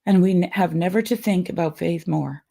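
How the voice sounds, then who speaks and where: A woman's voice: lowish voice, moderate pace, gravelly, dark tone. A woman reading an old sermon aloud in an earnest, emotional way, then chatting casually.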